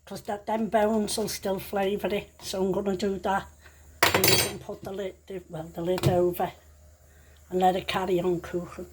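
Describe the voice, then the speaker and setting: A woman's voice: mid-range voice, little pitch movement, normal speed, slight background noise. An older woman, a grandmother cooking at home, who talks in a chatty, rambling way and often corrects herself mid-sentence. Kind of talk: casual cooking vlog. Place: home kitchen.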